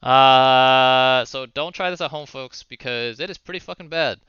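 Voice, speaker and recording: A man giving casual play-by-play commentary on a video game match, with quick calls and the odd swear. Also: on the high side, bright, forceful tone, smooth, dry recording, muffled recording. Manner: fast play-by-play with swearing and asides. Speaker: esports caster.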